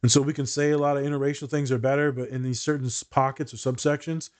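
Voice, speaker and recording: Man, therapist co-host, casual talk, animated storyteller, sarcastic streak. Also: medium pitch, fast talker, clear, resonant tone. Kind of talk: casual podcast chat.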